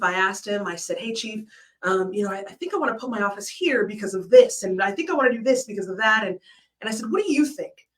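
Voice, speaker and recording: A woman's voice: mid-range voice, fairly bright tone, far from the mic, poor audio. Earnest woman telling a story, a bit off-mic. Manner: earnest, reflective storytelling with acted quotes. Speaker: author and former military commander. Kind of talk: storytelling at a virtual book launch. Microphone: video call.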